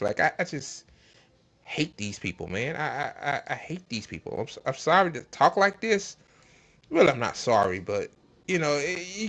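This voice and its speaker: A man's voice: medium pitch, fairly bright tone. A man hosting a casual political commentary stream, ranting in a profane, exasperated way. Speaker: host.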